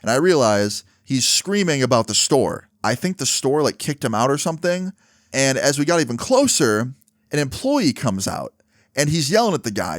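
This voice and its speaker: A man's voice: mid-range voice, very animated, normal speed, dry recording, clean studio sound. Casual young man telling a story. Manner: casual, frequent "like" and "right?". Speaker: vlogger. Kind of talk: storytime monologue.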